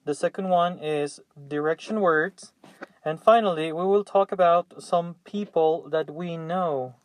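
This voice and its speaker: A man's voice: fairly high pitch, measured pace. A young man teaching English vocabulary, patiently repeating each word three times for students. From Mexico. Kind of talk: classroom vocabulary drill.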